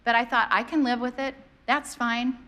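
Lively woman preaching. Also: on the high side, normal speed. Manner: animated, conversational, acts out quoted voices. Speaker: pastor. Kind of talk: sermon with storytelling.

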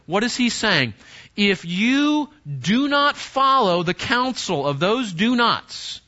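A man delivers a sermon to teenagers, emphatic and often repeating words and restarting phrases. His voice sits high, bright and forceful, with big pitch swings and a slightly slow pace, and the recording is dull and lo-fi.

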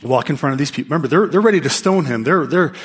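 A man preaching a sermon to a live congregation, speaking in an animated, emphatic way with frequent restarts. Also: a little high, very fast, breathy edge. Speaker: pastor teaching.

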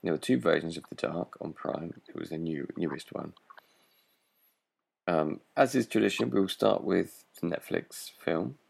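Deep gravelly guy hosting a podcast, dry and chill, moves things along. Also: measured pace. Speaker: podcast host. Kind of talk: casual chat.

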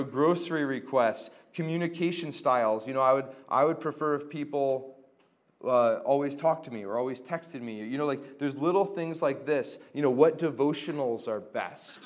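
Casual young man teaching a faith group. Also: mid-range voice. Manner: conversational, many fillers, acts out quoted exchanges. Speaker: Christian formation teacher.

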